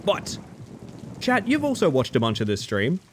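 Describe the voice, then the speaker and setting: An Australian man streaming a horror game, chatting with viewers in a playful, rambling, self-mocking way that swings between goofy and deadpan. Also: on the high side, normal speed, slight background noise. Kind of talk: casual live-stream commentary.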